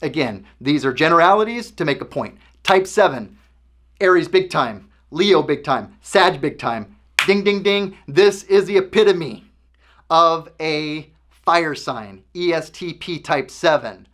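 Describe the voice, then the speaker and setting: A man's voice: a little high, expressive, measured pace, fairly bright tone. A man hosting a casual explanatory talk, conversational and often checking in with the listener. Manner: conversational, keeps checking in with "okay?". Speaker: host.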